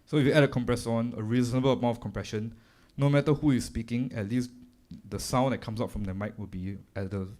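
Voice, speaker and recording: A man's voice: mid-range voice, fast talker, darkish tone. A man with a Singaporean English accent presents a live audio workshop, explaining gear in a casual, chatty way while chewing gum. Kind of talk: live technical demonstration. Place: live event room.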